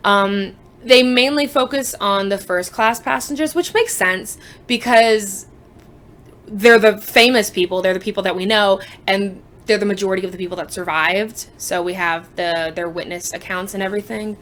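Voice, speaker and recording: A woman's voice: medium pitch, moderate pace, a bit bright. A young woman chatting casually about books she has read, joking and sarcastic, with frequent asides. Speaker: book vlogger. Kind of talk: casual book review chat.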